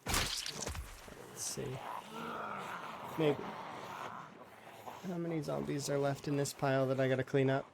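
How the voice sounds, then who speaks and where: A man's voice: medium pitch, level tone, measured pace, creaky, pauses often, noisy background. A man giving casual, rambling commentary while playing a game, often restarting his words and brushing off complaints. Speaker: streamer.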